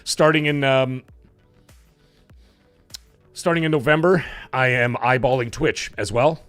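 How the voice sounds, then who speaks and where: A man with a hoarse, cracking voice hosting a live stream, chatting casually and rambling with fillers as he thanks viewers. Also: mid-range voice, steady tone, measured pace, a bit bright, faint music behind. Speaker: livestream show host.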